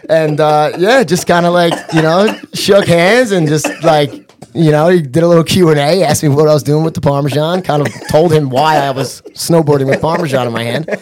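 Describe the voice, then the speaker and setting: A man telling a funny story in casual chat, animated and laughing often, with lots of "you know" and "bro". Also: a little high, brisk, crowd noise. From New York area. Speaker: podcast guest.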